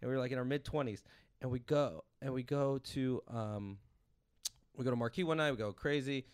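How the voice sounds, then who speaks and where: A man in his thirties from Los Angeles, a comedian hosting a podcast, telling a rambling story with animated energy and laughing as he goes. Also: medium pitch, a little fast, clean tone. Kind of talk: casual storytelling chat.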